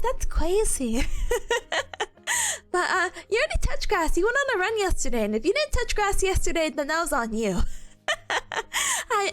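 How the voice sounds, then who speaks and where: A woman's voice: very high voice, a bit bright. A young woman streaming and chatting casually with her viewers, bubbly and giggly, with a lot of laughter and playful complaining.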